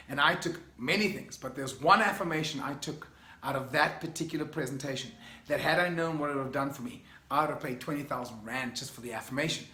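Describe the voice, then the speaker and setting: A man's voice: a little high, fairly quick, a bit bright. South African man, middle-aged, enthusiastic motivational vlogger, echoey room. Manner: enthusiastic, emphatic, conversational. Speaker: motivational speaker. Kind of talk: motivational vlog talk.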